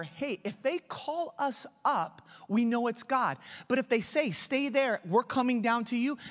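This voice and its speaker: A man preaching a sermon, animated and acting out the story, rising to shouts at the peaks. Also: high voice, in a large hall. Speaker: pastor.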